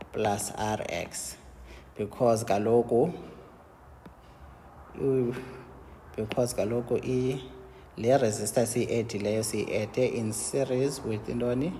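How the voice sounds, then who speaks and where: A man with a South African Xhosa accent teaching an engineering lesson, mixing English and Xhosa, explaining step by step and answering his own questions with quick checks like "yabo?". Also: medium pitch, mellow, big-room sound, slight background noise. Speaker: engineering lecturer.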